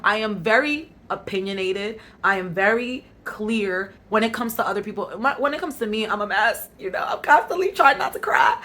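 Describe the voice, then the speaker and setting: A young woman vlogs straight to her viewers in a candid, self-reflective way, with an African American Vernacular English accent. Her voice is bright and sits a little high, and she keeps coaching herself toward confidence as she talks. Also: normal speed, hardly any pauses. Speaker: vlogger. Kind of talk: casual vlog talk to camera.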